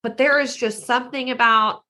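A woman's voice: fairly high pitch, fairly even intonation, normal speed, sharp tone. A woman who works as a team broadcaster, talking as a guest on a podcast in a chatty way, full of "like" fillers. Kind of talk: casual podcast interview.

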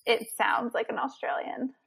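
A young woman co-hosting a podcast, chatting playfully with quick laughs. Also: a little high, fairly even intonation, creaky, a bit bright, slightly rough, in a whisper. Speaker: podcast co-host. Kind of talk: casual chat.

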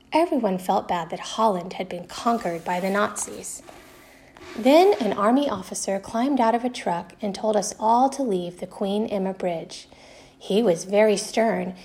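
A woman reads a first-person novel chapter aloud for a class. Her telling is steady and even, slipping briefly into the voices of the characters. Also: mid-range voice, unhurried. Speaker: reader.

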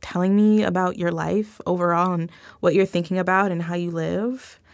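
Bubbly woman podcast host, smooth voice. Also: on the low side, fairly even intonation, normal speed, no room sound. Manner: bubbly, laughs often, gushing. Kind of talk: casual interview chat.

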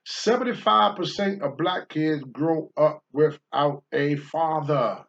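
An older man on a talk show, blunt and preachy, swinging from low mutters to loud outbursts. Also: slow pace, vocal fry, lo-fi sound. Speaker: podcast host, former wrestler. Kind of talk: candid talk-show commentary.

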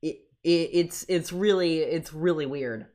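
Low-voiced woman ranting as podcast co-host. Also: measured pace. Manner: animated, exasperated rants, frequent restarts. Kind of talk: casual fan discussion.

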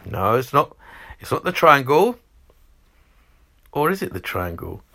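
Lively bright-voiced male quiz host. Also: medium pitch, a little slow, gravelly. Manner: animated, teasing, reads multiple-choice options. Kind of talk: reading out quiz questions.

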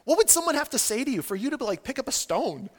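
Animated high-voiced male preacher. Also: fast, in a large hall. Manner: animated, casual, filler-heavy with "like", acts out quoted voices. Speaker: pastor. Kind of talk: sermon.

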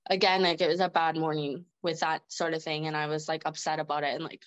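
On a podcast, a female guest with a deep, smooth voice and level tone tells casual stories at a quick pace. She chats, laughs a lot, and uses "like" constantly, while the audio has its highs cut off.

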